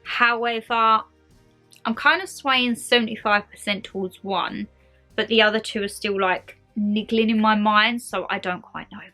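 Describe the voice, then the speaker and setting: A woman's voice: medium pitch, fairly even intonation, normal speed, sharp tone, soft background music. A woman chatting her way through a shopping haul in a bubbly, rambling, gushing manner. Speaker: lifestyle vlogger showing a shopping haul.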